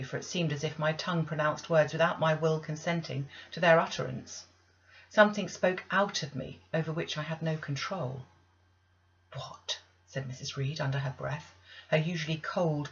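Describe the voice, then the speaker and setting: A woman narrating a classic novel as an audiobook reader, in a measured, deliberate way with pauses. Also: low voice, lo-fi sound.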